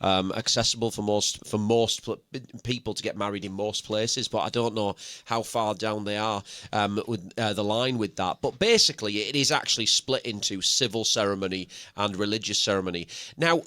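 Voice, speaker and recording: A man's voice: on the low side, normal speed, few pauses, sharp tone, dry recording. A man with a Yorkshire accent chatting animatedly on a live stream, laughing and restarting often. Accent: Yorkshire English. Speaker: co-host, wedding musician. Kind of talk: casual live-stream chat.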